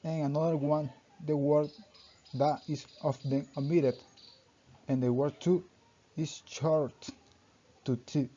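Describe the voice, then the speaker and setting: A young man reading a class presentation aloud, halting and often restarting his sentences with "so", in a dull lo-fi recording. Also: fairly high pitch, fairly even intonation, mellow. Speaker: student presenter.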